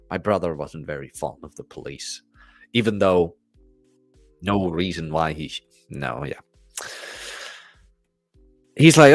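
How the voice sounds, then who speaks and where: A man's voice: low-pitched, measured pace, gravelly, pauses often, dry recording, faint music behind. A young man hosting a podcast, casually telling a story and acting out the people in it. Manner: animated storyteller acting out quoted voices. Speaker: podcast host.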